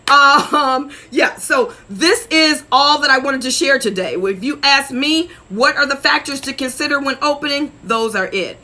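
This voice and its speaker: A woman relationship coach talking straight to her viewers in a preachy, animated way, laughing often and calling them y'all. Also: on the high side. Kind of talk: casual direct-to-camera talk.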